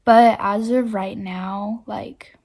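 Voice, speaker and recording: A woman's voice: medium pitch, steady tone, slow pace, a little mellow. A woman recording a casual reading vlog on her phone, chatty and effusive, filling her talk with "like.". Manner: chatty, heavy use of "like" fillers; emotional and effusive about books. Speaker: book vlogger.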